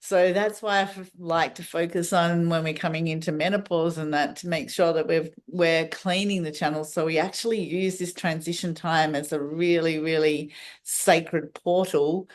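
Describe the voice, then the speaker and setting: Soft-spoken woman podcast guest. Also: low-pitched. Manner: meandering, restarts and fillers. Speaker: podcast guest, wellness practitioner. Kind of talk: casual interview talk.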